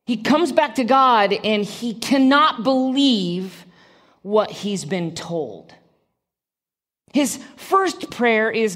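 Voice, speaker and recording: A woman's voice: fairly high pitch, lively intonation, extremely slow, fairly bright tone. A woman preaching a sermon to a congregation in a church. She talks in a conversational way, with direct questions to the listeners and dry humorous asides.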